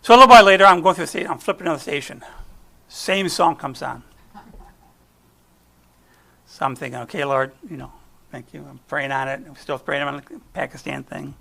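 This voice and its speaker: A man's voice: on the high side, a little fast, creaky, long pauses, pushed and bright. A middle-aged American man giving a conversational guest sermon, chatty and folksy, often trailing off and restarting. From United States. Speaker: guest speaker. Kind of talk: conversational sermon with personal stories.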